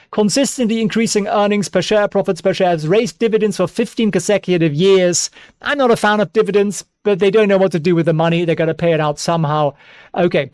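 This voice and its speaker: With a high voice and a dry recording, this investing-channel host breaks down stocks casually. He keeps repeating himself and tossing in excitable jokes.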